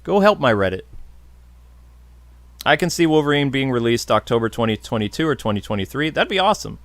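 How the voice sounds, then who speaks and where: A man's voice: medium pitch, big pitch swings, brisk, no echo. A man hosting a podcast, casually answering viewer questions in a blunt, jokey, opinionated way. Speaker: podcast host.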